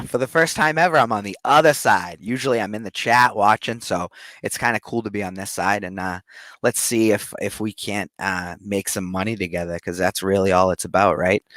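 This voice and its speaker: A man's voice: deep voice, a bit bright, no room sound. A man with a Boston accent talking casually and upbeat about swing trading on a livestream. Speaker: guest trader presenting a show.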